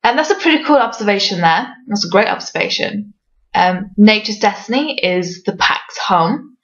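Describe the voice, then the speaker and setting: A woman's voice: medium pitch, lively intonation, normal speed, fairly bright tone, muffled recording. A woman from Wales with a fairly neutral English accent, an author answering reader questions in a casual vlog, hesitant with many ums and light self-mocking laughs.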